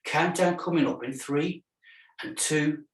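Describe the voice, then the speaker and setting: A man's voice: fairly high pitch, steady tone, unhurried. A middle-aged man leading a live workout class, chatty and encouraging as he counts down the reps. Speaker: fitness instructor. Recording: roomy sound from a distance.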